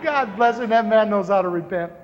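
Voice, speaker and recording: A man's voice: high voice, fairly quick. A man in his sixties preaching a personal testimony, storytelling with self-mocking humor and acting out his own prayers. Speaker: pastor. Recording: lo-fi hall recording with faint hiss.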